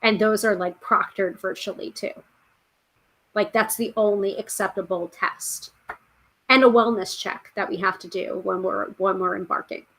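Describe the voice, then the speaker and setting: A woman's voice: mid-range voice, steady tone, normal speed, a bit bright. Woman, podcast host, casual chatty live-stream delivery, mid-range voice. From United States. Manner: chatty, reads out viewer comments, frequent fillers.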